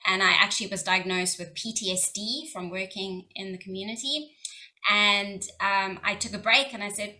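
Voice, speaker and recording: A woman's voice: mid-range voice, fairly even intonation, normal speed, sharp tone, rough recording. A South African woman on a discussion panel, telling her personal story in an earnest, heartfelt way. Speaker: panelist, social worker and charity leader. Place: couch panel conversation.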